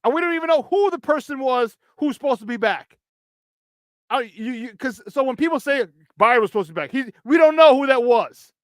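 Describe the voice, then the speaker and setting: A high-pitched man hosting sports talk radio. He rants in a heated, emphatic way and hammers his points home with repetition. The sound is dry and close. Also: lively intonation, fast, no echo.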